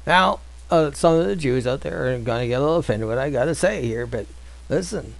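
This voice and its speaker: A man's voice: mid-range voice, lively intonation, brisk, creaky, rough recording. A man teaching an informal Bible study, reading scripture and then asking rhetorical questions in a loose, conversational way.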